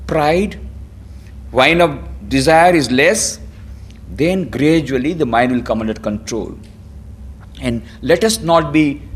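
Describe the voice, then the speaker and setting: A man, a monk giving a spiritual lecture, expressive and playful, acting out quoted voices. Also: medium pitch. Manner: expressive, acts out quoted voices, chuckles at own jokes.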